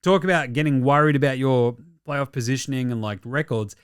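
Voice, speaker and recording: A man's voice: medium pitch, clear, resonant tone. A man, hosting a casual basketball show and ranting about games and trades with plenty of swearing. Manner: fast, sweary, excitable ranting. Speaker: host. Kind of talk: casual sports commentary.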